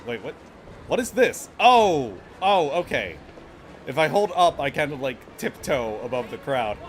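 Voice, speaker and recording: A man's voice: mid-range voice, big pitch swings, unhurried, faint music behind. A man doing critical live gameplay commentary, sarcastic and swearing, with frequent laughs. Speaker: game streamer.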